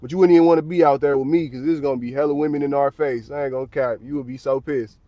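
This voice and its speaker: A man's voice: mid-range voice, steady tone, quick pace, dark tone, no room sound, muffled recording. An American man livestreaming from his parked car at work, chatting casually in a blunt, slang-heavy, profane way. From United States.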